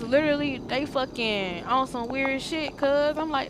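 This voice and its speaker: A woman's voice: high voice, a little slow, background noise. Slangy woman telling a storytime tale. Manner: slangy, profane, rambling retelling with quoted dialogue. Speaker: roleplay gamer telling a story. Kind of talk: casual storytime.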